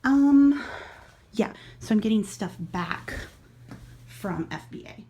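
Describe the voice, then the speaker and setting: Middle-aged lady chatting away about her resale stuff at home, bit of fry in her voice. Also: medium pitch, expressive, slow pace, warm tone, slight background noise. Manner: chatty, thinking aloud while handling items. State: out of breath. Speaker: online reseller vlogger. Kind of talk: casual vlog chat.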